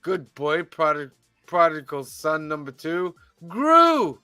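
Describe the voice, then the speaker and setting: A man hosts a casual podcast in a bright, forceful voice, slightly higher than most men. He works slowly through a list of titles in a measured, deadpan read. His wry asides and mock exasperation break up the list, and the sound is dry and close. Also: no echo, soft background music. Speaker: podcast host reading the weekly release list.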